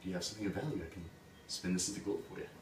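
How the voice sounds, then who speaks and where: A sly male goblin haggles in a calm, matter-of-fact way, voiced by a man telling a fairy tale. The voice sits low, recorded off-mic in a roomy space with steady noise behind it. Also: rapid-fire, distant mic, close to an everyday voice.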